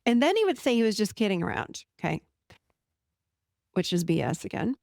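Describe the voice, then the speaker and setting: Middle-aged female therapist-host, gravelly texture, dry close sound, direct and animated delivery. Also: mid-range voice, a little fast, no echo. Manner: direct, animated storytelling, acts out client quotes. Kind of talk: casual podcast monologue.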